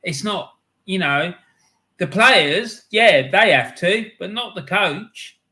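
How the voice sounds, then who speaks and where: A man's voice: sits high, expressive, slow pace, pushed and bright. A man hosting a casual football podcast interview, chatty and agreeable as he asks questions.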